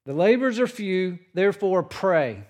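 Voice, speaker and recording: High-voiced earnest male preacher. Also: animated, moderate pace, darkish tone. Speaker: pastor. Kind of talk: sermon.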